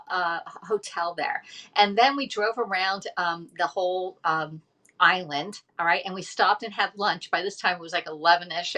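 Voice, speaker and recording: Chatting casually on a home livestream, this host meanders through a story full of filler words. She speaks at medium pitch in a pushed, bright voice.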